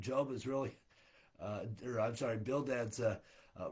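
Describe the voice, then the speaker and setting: A man's voice: mid-range voice, moderate pace, darkish tone, breathy edge. A man leading a livestreamed Bible study as pastor, in a folksy way, with many fillers, putting scripture into plain, everyday speech. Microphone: livestream setup.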